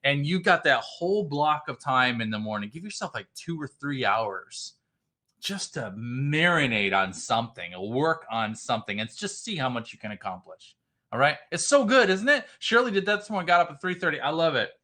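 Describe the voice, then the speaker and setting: Middle-aged male business mentor, livestream host, bright and forceful, high-energy preacher-style pep talk. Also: animated, moderate pace. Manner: fired-up, shouts greetings to chat viewers, swings loud and quiet.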